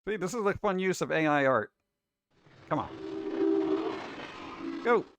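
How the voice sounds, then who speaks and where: Pria animasi yang jengkel dan suka bercanda. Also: male voice, a little high, unhurried, background noise. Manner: exasperated, wisecracking, animated. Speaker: show host reacting to food videos. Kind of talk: casual reaction commentary.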